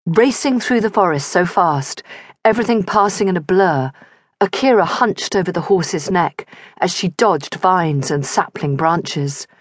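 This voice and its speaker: A woman's voice: lowish voice, expressive, a little slow, dry recording. A woman narrating a romance audiobook in vivid scripted storytelling on a close studio mic.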